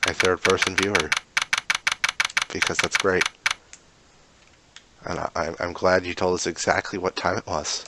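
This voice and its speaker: Deep-voiced man with sarcastic game commentary. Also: flat delivery, measured pace, pauses often, heavy background noise. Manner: dry, sarcastic asides. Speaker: let's play gamer. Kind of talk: reading game dialogue aloud with commentary. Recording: loud game music behind. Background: game music.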